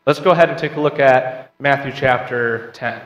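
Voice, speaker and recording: In a church auditorium, a man leads a Bible class, chatting with the group, posing questions, and reading scripture aloud. His mid-range voice is a bit bright and moves at a moderate pace, though the recording sounds muffled and the roomy hall carries a long reverb.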